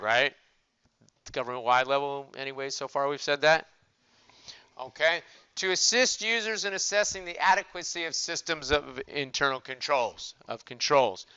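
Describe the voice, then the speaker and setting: On a lo-fi recording with no echo, the older accounting professor speaks in a clean, bright, forceful voice on the high side, keeping his recorded lecture casual as he asks and answers his own questions.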